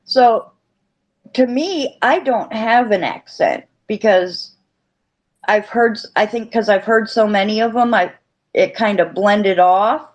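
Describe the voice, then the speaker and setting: A woman's voice: mid-range voice, slow. A woman who grew up in the Virgin Islands, Florida and New Mexico, chatting casually in an online audio space with a rambling, chatty manner. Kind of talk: casual chat.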